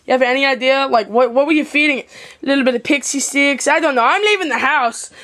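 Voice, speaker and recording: A woman acting in an improvised comedy skit at home, swinging between excitable, panicked shouts and flat deadpan lines, recorded on the camera's own mic. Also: high voice, fast talker. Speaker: home video skit performer.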